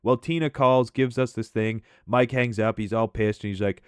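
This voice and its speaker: A man casually telling funny stories about an old coworker as commentary over gameplay, talking in a lively, profane way. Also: fairly low pitch, moderate pace, smooth, dry recording, studio quality. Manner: animated, profane, conversational. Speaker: gaming commentator and storyteller.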